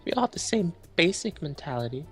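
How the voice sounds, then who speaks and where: A woman's voice: lowish voice, sing-song, quick pace, slightly rough, faint music behind, voice pushed down. A woman voicing a sly, teasing male cat-boy in a game playthrough. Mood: warning.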